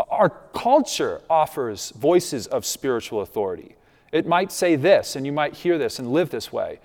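Male pastor, emphatic sermon delivery, lively pitch, reverberant hall sound. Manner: conversational, emphatic preaching with asides.

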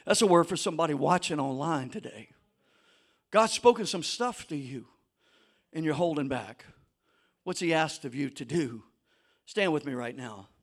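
A man preaching a sermon to a church congregation, swinging between shouted exhortation and low conversational asides. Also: animated, normal speed, long pauses. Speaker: pastor.

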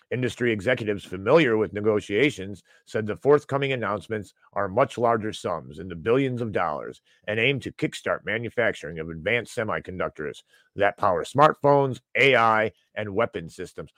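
A man's voice: lowish voice, lively intonation, moderate pace, dry recording. A man hosting an opinionated financial news show, reading headlines aloud and ranting sarcastically about them. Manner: ranting, sarcastic, rises loud when angry.

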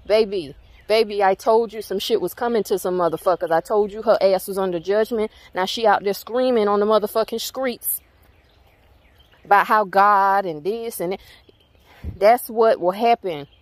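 A woman's voice: medium pitch, dry recording. A woman with a Southern US accent ranting to her viewers, blunt, emphatic and full of profanity. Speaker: spiritual channel host. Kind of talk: heated rant to viewers.

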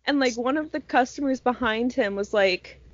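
Brief: female co-host, high-pitched and slow, easygoing, lo-fi sound. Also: no echo. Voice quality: giggly, easygoing. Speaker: podcast co-host. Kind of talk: casual chat, storytelling. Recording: dull lo-fi podcast audio.

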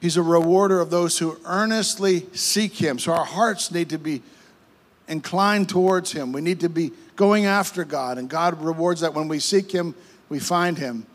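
A man's voice: a little high, moderate pace. A man. He builds fervor by stacking repeated phrases, stumbling into restarts, and pressing on. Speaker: pastor. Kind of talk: sermon.

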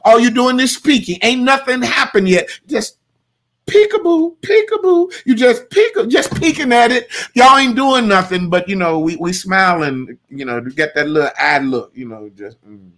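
Preaching with a high-pitched voice at a moderate pace, this male pastor barely pauses. His sermon is folksy and conversational, full of repetition, moving from soft asides to shouting and chuckling at his own humor.

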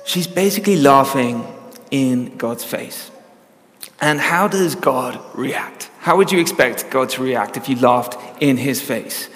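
A man's voice: mid-range voice, expressive, takes it slowly, a bit bright, in a large hall. A man preaching a sermon in an earnest, conversational teaching manner with frequent ums.

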